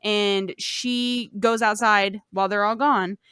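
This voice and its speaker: A woman's voice: mid-range voice, fairly even intonation, slow pace, fairly bright tone, smooth, dry recording, studio quality. A woman hosting a podcast, retelling a fairy tale in a casual, profane, rambling way. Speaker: podcast host. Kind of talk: casual storytelling.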